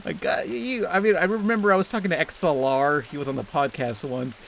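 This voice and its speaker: A man's voice: fairly high pitch, expressive, fast, fairly bright tone, slight background noise. A young man giving crude, sarcastic, constantly swearing commentary while playing a video game. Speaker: let's play host. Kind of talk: profane gameplay commentary.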